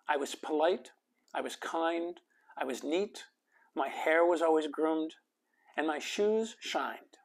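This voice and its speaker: A man from Canada reading his own memoir aloud, soft and intimate, sometimes dropping to a whisper. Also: on the high side, creaky. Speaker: author and life coach.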